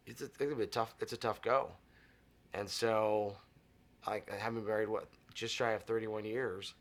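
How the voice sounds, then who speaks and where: A middle-aged man from Arizona, a guest in an interview, telling stories in casual chat and acting out the voices in them. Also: fairly low pitch. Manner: animated storyteller acting out dialogue.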